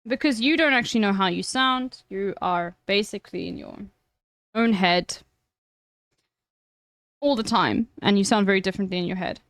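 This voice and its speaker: A woman's voice: mid-range voice, moderate pace, long pauses, a bit bright, no room sound, studio quality. A woman streamer chatting frankly with viewers, giving blunt advice and swearing freely. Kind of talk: casual chat with viewers.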